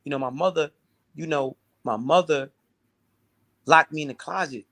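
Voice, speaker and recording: A man's voice: on the high side, normal speed, fairly bright tone. Intense man repeating himself as he talks. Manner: intense, repeats and restarts words. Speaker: interview guest. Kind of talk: emotional personal storytelling.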